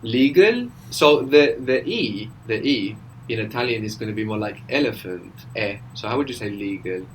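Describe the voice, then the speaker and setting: A man with a fairly low voice leads an audio lesson, calm and patient as he explains each point step by step. He often ends a point with a questioning "no?", and a faint background noise stays under his voice throughout. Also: normal speed, hardly any pauses, rough recording. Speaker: language teacher.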